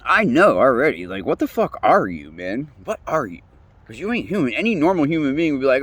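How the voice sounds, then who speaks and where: A man's voice: medium pitch, big pitch swings, fast, a bit bright, no room sound. Man ranting with heavy profanity. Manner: profane, rambling, full of fillers. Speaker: host. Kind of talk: casual rant monologue.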